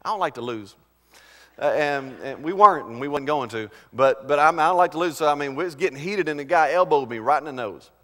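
A male pastor delivering a sermon, swinging between loud, emphatic preaching and quiet, conversational storytelling. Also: fairly high pitch, expressive, quick pace, long reverb tail.

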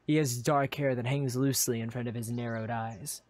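A man narrating a live game roleplay in second person, with animated, flustered asides. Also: medium pitch, moderate pace, few pauses, dry recording. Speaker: player and narrator.

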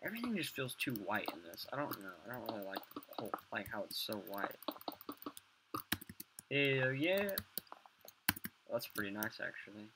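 A man's voice: on the low side, very animated, moderate pace, long pauses. A young man swearing and muttering to himself as he builds in a game, rambling casual commentary. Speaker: gamer. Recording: loud background noise, mouse clicks.

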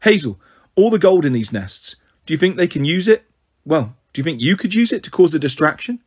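A man's voice: on the high side, very animated, fairly quick, breathy edge. A man voicing a brave teenage boy hero who leads his friends, speaking in an urgent, commanding way.

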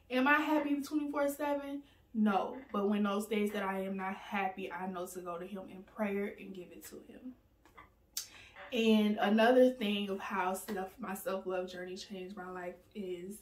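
A woman speaks in a relaxed, heartfelt vlog manner, laughing easily and pausing with "um"s as she talks. Her voice sits in the middle of the usual range. The sound is echoey, and she is set well back from the mic. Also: mid-range voice, far from the mic. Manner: earnest and candid, laughs often, many "um"s. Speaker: vlogger. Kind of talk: casual personal vlog talk.

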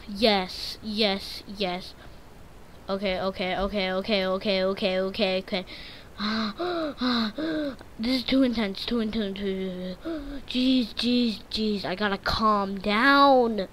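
A woman's voice: medium pitch, slow pace, fairly bright tone, slight background noise. Jittery woman narrating a spooky game. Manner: jittery, repeats words in nervous strings; breaks into sudden frightened shrieks. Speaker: gaming channel host. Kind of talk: live gameplay commentary.

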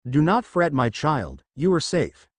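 Male reader doing a gentle female magic spirit for a storybook audio; tender, animated delivery. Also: fairly high pitch, a little slow, no room sound, heavily acted. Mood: soothing. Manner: gentle, mournful, calls her "my child".

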